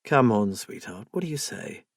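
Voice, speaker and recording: A man voicing a strained, defensive middle-aged husband in an audiobook, coaxing and exasperated in turn, with a husky voice. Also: medium pitch, very animated, normal speed, no echo, studio quality. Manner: pleading, then tense and exasperated.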